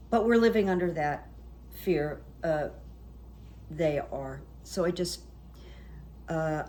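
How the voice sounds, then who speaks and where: A woman's voice: on the low side, a little hiss or hum. A middle-aged woman, a psychic, chatting casually on her vlog in a rambling, storytelling way full of fillers. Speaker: psychic YouTuber.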